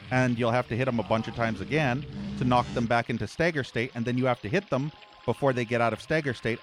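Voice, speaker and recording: A man at a mid-range pitch rants through his gameplay commentary, cursing freely and sounding exasperated with the game. Soft game music sits faintly behind him. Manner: profane, exasperated ranting at the game. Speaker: gaming channel host. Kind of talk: let's play commentary.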